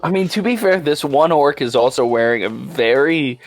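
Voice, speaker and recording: A man's voice: a little high, normal speed, faint music behind. A man playing a tabletop game, cracking jokes about the scene. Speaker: player. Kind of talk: casual banter.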